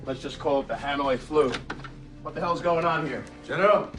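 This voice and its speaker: An actor playing an angry, exasperated president demanding answers. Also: male voice, on the high side, normal speed, a bit bright, faint music behind, close to an everyday voice.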